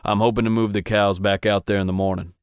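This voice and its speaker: A stern ranch boss barks curt, bossy orders, voiced by a man. His voice sits fairly low. The sound is dry and close. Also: level tone, fast talker, smooth, no room sound, natural voice. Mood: calm.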